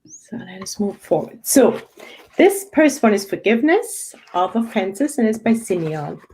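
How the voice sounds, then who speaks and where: A woman's voice: medium pitch, big pitch swings, darkish tone, slight background noise, rough recording. A woman hosting an online spiritual study group, reading passages and adding emphatic, reflective commentary. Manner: slow, emphatic, reflective delivery.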